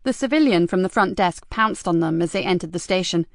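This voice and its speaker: A woman reading a crime novel aloud as the audiobook narrator, in a steady, even way. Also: fairly low pitch, fairly quick, no room sound, studio quality. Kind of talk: scripted narration.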